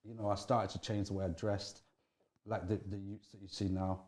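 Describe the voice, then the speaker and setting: The speaker, a middle-aged man, is interviewed and shares honest anecdotes from his youth at an ordinary pace. His voice climbs and dips with animation, and he often begins his sentences again.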